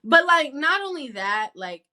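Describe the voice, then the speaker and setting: Here a podcast co-host, a woman not from the American South, vents in casual chat, blunt and full of swearing. Her bright, high voice carries a sharp, lively energy, though she keeps a measured pace.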